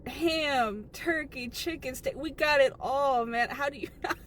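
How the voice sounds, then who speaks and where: Brief: woman as a frazzled sandwich-counter worker, high voice, fed up with customers. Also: fairly bright tone, slight background noise. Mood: impatient. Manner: exasperated, incredulous, talks fast when upset. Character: frazzled young female sandwich shop worker. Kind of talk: comedy skit.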